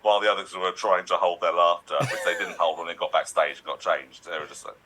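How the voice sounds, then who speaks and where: A man's voice: low-pitched, fairly even intonation, fast, bright, forceful tone, poor audio. A man telling stories as a podcast guest, rambling with many fillers and restarts. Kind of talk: casual podcast chat.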